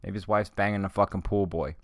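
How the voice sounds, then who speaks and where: A man hosting a solo podcast who talks in a casual, rambling, profane way while high. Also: fairly even intonation, fairly quick, a bit bright, no echo, studio quality. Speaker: podcast host.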